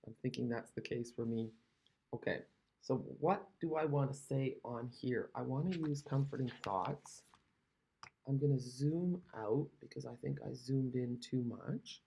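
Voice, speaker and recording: An unhurried Canadian woman with an extremely low, warm, slightly rough voice and vocal fry talks casually through a card-making demonstration. She rambles, puts herself down, and is recovering from an illness.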